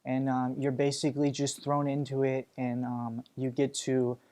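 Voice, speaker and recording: A young man with a mid-pitched voice talks earnestly in a casual interview. He hesitates often, filling gaps with ums and you-knows. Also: completely flat delivery, moderate pace, mellow. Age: young adult. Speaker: stage actor.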